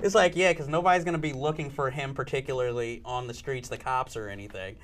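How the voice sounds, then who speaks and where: A man's voice: mid-range voice, fairly even intonation, fast talker, fairly bright tone, a little hiss or hum. A man co-hosting a film review show, talking casually and mocking a cheesy film with an exasperated tone. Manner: exasperated, laughing, mocks cliches. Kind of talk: casual group chat. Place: public access TV studio.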